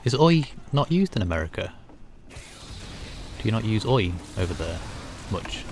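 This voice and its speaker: A deep-voiced man with a Northern English lilt close to Scouse, chatting easily with his stream chat as he plays. He rambles in a relaxed way, and there's a faint hiss with soft keyboard typing in the background. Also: unhurried. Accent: Northern English, near Scouse. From North of England. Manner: chatty and easygoing, lots of "like" and "you know". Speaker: game streamer. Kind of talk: casual chat while gaming, reading viewer comments.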